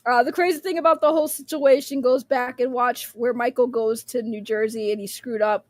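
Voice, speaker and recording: A woman's voice: a little high, steady tone, a little fast, dry recording, studio quality. A young woman, rambling bluntly in casual livestream commentary, laughing often and swearing freely.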